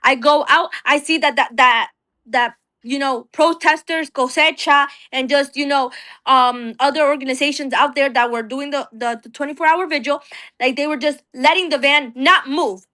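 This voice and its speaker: A woman's voice: high voice, moderate pace, bright, forceful tone. A young woman from New Jersey, an interview guest telling an emotional personal story, restarting and repeating words as she talks.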